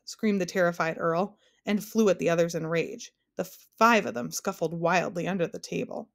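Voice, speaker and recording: A woman narrating a children's storybook aloud in a steady storytelling voice. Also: fairly low pitch, moderate pace, creaky, hardly any pauses.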